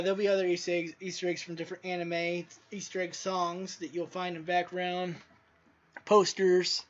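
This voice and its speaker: A man casually chatting while testing his own game, rambling loosely with crude asides. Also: sits high. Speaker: indie game developer. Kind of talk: casual gameplay commentary. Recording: dull lo-fi audio with faint music.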